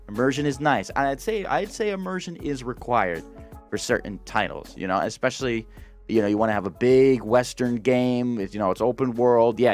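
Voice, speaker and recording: Man, gaming host, swearing casual rant, exasperated, restarts a lot, faint music behind. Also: mid-range voice. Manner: profane, exasperated ranting with many restarts. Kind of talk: casual ranting review.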